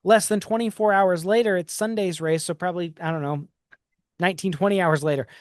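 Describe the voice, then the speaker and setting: A man's voice: high voice, fairly quick, dry recording. Man, podcast host, reflective storyteller, casual talk, dry close recording. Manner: reflective storytelling, frequent restarts.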